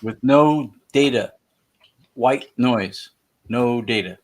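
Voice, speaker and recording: A man's voice: mid-range voice, takes it slowly, slight background noise. A man co-hosting a paranormal talk show, speaking enthusiastically and laughing often. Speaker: paranormal investigator co-host. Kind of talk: casual chat.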